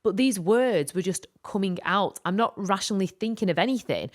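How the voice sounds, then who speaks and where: A woman co-hosting a podcast, telling a personal story in an animated, rambling way with lots of fillers. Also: mid-range voice, brisk. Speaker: podcast co-host. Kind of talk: casual storytelling chat.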